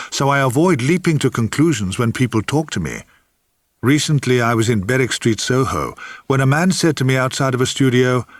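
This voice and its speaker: A man's voice: mid-range voice, slightly rough, no room sound. An older man reading his own memoir aloud with a dry, wry, theatrical storytelling manner. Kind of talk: memoir audiobook narration.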